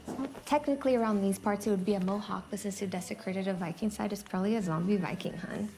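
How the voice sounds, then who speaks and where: An actress playing a sensible, dry-witted wife in a horror comedy film, calm and matter-of-fact. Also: female voice, mid-range voice, fast, lightly acted. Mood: wry.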